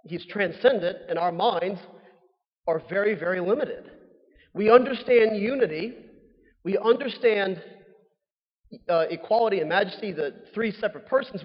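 A young man, a newly ordained priest giving a relaxed, conversational homily with fillers and playful asides. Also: high voice, husky. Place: church. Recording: dull sound with long reverb in a church.

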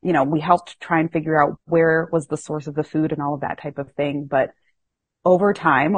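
A woman hosting a podcast, telling a story in a casual, animated, self-mocking way. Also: sits low, slightly rough, dry recording. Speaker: podcast host.

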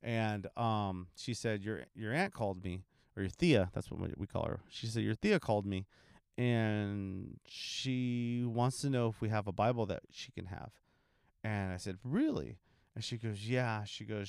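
A young man from California who serves in a church ministry, telling a testimony in a relaxed, rambling way with many ums. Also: lowish voice, moderate pace, creaky, clear, resonant tone, dry recording, studio quality. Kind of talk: casual testimony talk.

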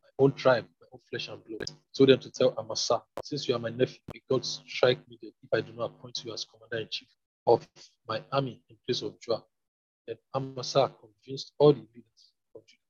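A man reading a Bible passage aloud in a plain, steady way. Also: mid-range voice, a little fast. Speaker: scripture reader. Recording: dull lo-fi recording.

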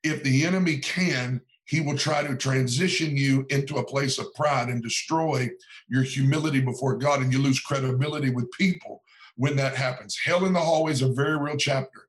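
A man's voice: mid-range voice, fairly quick, rough recording. A man, a pastor and author, talking as a podcast guest in an earnest, sermon-like cadence with frequent repetitions. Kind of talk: preaching-style podcast talk.

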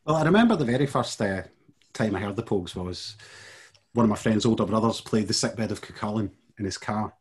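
Husky low man, hesitant. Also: animated, a little fast. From west of Scotland. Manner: hesitant, many fillers and restarts, laughs easily. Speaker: guest curator. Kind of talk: casual chat.

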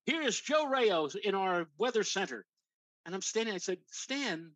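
Older guy spinning a tv story, bright high voice, dry close sound. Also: normal speed, no room sound, poor audio. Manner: animated anecdote teller, acts out quoted voices. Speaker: weather show host. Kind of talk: casual storytelling chat.

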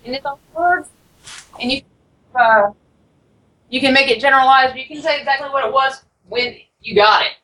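A woman hosts a casual call-in radio show, rambling along quickly and commenting on herself as she goes. Her voice is bright and a little high, and she sounds set back from the microphone. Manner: rambling, quick, self-aware. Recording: voice from far off the mic.

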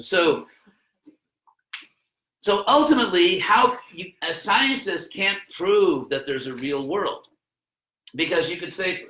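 Man, lecturer, bright tone, higher than usual, rambling chatty delivery, echoey classroom. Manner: rambling, conversational, with wry asides.

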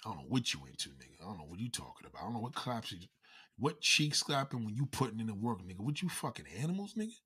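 A man with a husky, low voice rants to his viewers, swearing constantly and mocking as he goes. His pitch swings widely, rising high on his rhetorical questions. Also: big pitch swings, fast talker, sharp tone. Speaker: vlogger. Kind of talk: profane comedic rant to camera.

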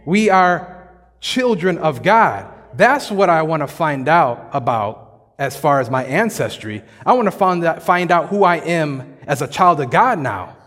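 A male pastor preaching a sermon in a relaxed, joking, slangy way. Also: on the high side, unhurried, big-room sound. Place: church sanctuary.

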